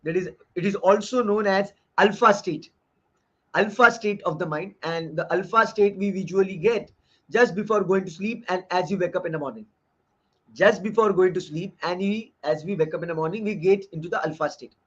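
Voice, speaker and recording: Man with a high voice, earnest lecturer who repeats key lines, on dull lo-fi audio. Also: moderate pace, a bit bright, slightly rough. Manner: earnest and explanatory, often repeating phrases. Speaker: course lecturer reviewing a book. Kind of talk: online lecture.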